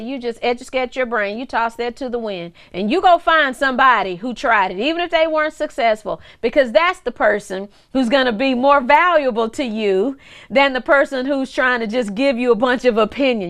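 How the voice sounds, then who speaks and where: A woman's voice: high voice, fairly bright tone. A woman in her forties, a minister giving a conversational teaching sermon, full of repetitions, restarts and playful asides to the cameraman. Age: 40s. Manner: repeats words and restarts often.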